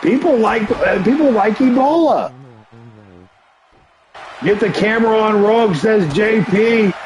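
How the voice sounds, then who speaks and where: Excitable high-voiced man calling play-by-play. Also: a little hiss or hum, rough recording. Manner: excitable, often shouting, chatty asides to viewers. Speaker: livestream host and commentator. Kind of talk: play-by-play commentary of a wrestling video game.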